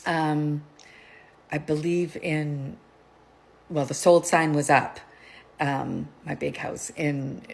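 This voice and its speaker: A woman's voice: sits low, slow pace, creaky, long pauses. A middle-aged woman telling rambling stories to her vlog viewers, chatty and digressive, laughing often. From Canada. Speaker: vlogger. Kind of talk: casual chat, rambling storytelling.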